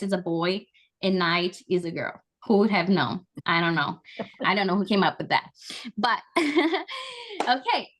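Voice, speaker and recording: Upbeat woman teaching a class. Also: mid-range voice. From Brazil, Amazonas. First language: Portuguese. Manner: upbeat, encouraging, chatty. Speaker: language and culture trainer. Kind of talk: online language lesson with call-and-repeat drills. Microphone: video call.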